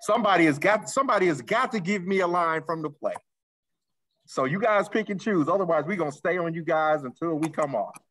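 A man's voice: a little high, expressive, brisk, a bit bright. A man teasing students at a virtual school meeting, insisting they perform a line. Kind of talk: playful meeting banter.

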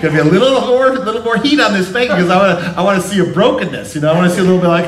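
A man's voice: sits high, animated, fast talker, a crowd in the background. A middle-aged man preaching a sermon to his congregation, telling family stories with playful asides and acting out voices. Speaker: pastor. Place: church sanctuary. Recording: roomy church sound from a distance.

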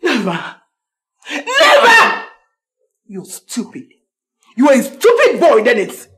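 An actress with a Nigerian accent playing a domineering, controlling mother who barks orders and shouts. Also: on the high side, huge pitch swings, unhurried. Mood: furious. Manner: commanding, shouting.

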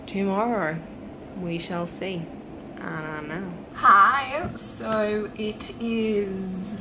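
A young woman talking casually in a reading vlog at home, excited and rambling, gushing with lots of fillers. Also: medium pitch, background noise. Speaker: book vlogger.

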